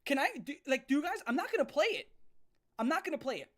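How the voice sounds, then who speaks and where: A woman with a voice that sits a little high delivers a profane live rant. She is blunt and emphatic, stumbling into restarts and hammering the same point again and again. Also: big pitch swings, fast. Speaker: music reviewer ranting on a live stream.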